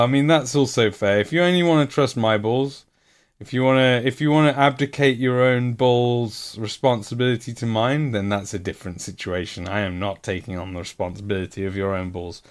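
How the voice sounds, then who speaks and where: Thirtysomething dude streaming while he paints minis, rambly jokey chat, cracks himself up. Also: mid-range voice. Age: 30s. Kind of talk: casual live-stream chat.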